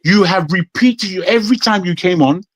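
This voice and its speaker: This panel guest, a Nigerian man with a British accent, argues insistently and indignantly in a heated debate, repeating points to drive them home. He has a high-sitting voice, moves at a moderate pace, and the recording has no echo.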